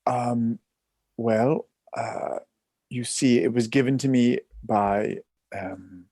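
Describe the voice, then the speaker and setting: A man's voice: mid-range voice, takes it slowly, warm tone, dry recording. Casting: man as jittery young vampire, apologetic and stammering, dry close sound. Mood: nervous, evasive. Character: nervous young male vampire, evasive. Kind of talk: tabletop role-play in character.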